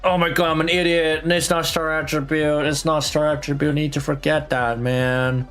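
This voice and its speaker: A man's voice: a little high, little pitch movement, normal speed, fairly bright tone, soft background music. A man streaming a game, thinking aloud in casual, slangy chat with plenty of swearing. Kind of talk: casual gameplay commentary.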